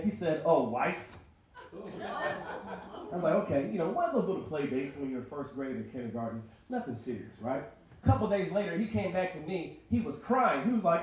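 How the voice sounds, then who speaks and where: A man's voice: fairly high pitch, expressive, moderate pace, darkish tone, a little hiss or hum. A man in his twenties performing a stand-up comedy set, talking conversationally and checking that the crowd is following along. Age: 20s. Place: record store performance space. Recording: very echoey room.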